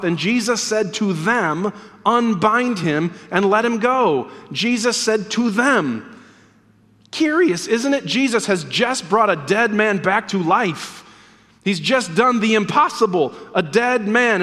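A man's voice: high-pitched, a bit bright. A man preaching a sermon in a church as pastor, earnest and emphatic, repeating key words for weight. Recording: long reverb of a church hall.

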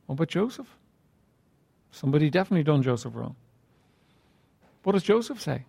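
A man preaching a sermon in a conversational way, asking rhetorical questions and often clearing his throat. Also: a little high, big pitch swings, a little fast, pauses often, warm tone.

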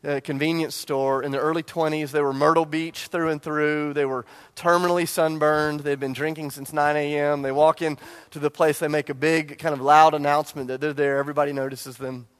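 Speaking briskly with few pauses, a man in his forties delivers a flat, slightly high-pitched sermon at a church service. As pastor, he shares a personal story, often restarting and poking fun at himself.

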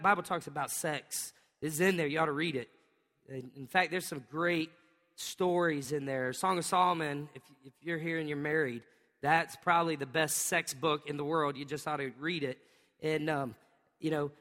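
A man in his thirties preaching a sermon, telling a family story with lots of energy, laughing often and acting out the sounds his kids make. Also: fairly high pitch. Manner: animated storytelling with bursts of acted-out sounds. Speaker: pastor. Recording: reverberant hall.

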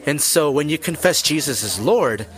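A man's voice: fairly high pitch, lively intonation, normal speed, fairly bright tone. A man hosting a Christian podcast, explaining scripture in an earnest, preacherly way and speaking straight to the listener. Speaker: podcast host.

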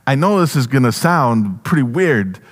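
A male pastor giving a first-person storytelling sermon, animated with halting restarts. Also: mid-range voice.

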